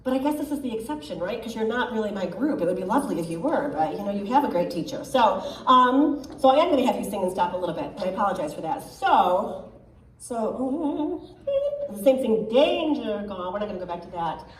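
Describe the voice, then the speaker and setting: A woman coaching a choir as a guest clinician, upbeat and encouraging, giving quick directions. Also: mid-range voice, very animated, slight background noise. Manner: upbeat, encouraging, sometimes sings lines to demonstrate. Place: choir rehearsal room. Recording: echoey room from far off, faint ambience.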